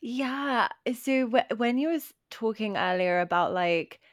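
A woman co-hosting a podcast, talking casually in a hesitant, halting way. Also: fairly high pitch, expressive, no room sound, clean studio sound. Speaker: podcast co-host. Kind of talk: casual conversation.

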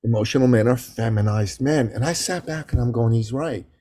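A man in his fifties talking in a casual podcast conversation, animated and acting out what others say. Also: mid-range voice, brisk, no echo, studio quality. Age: 50s. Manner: animated, acts out voices of others.

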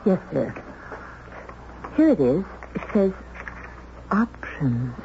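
Stammering prim young secretary. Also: female voice, on the low side, very animated, slow pace, gravelly, mellow, full character voice. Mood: dutiful. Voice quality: flustered, stammering. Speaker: radio drama actress. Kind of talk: 1970s radio drama acting. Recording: dull old radio broadcast with faint hiss.

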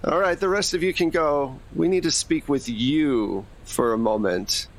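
A man's voice: on the high side, measured pace, pitched above the performer's own voice. A man playing a bossy fake cop. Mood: stern. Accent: put-on American. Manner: firm, commanding, coaxing. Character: male undercover detective, stern and bossy.

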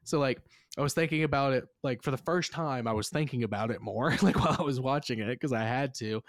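A man's voice: medium pitch, quick pace, dry recording, studio quality. A man hosting a casual movie review podcast, rambling and filler-heavy, swearing now and then. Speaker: podcast host.

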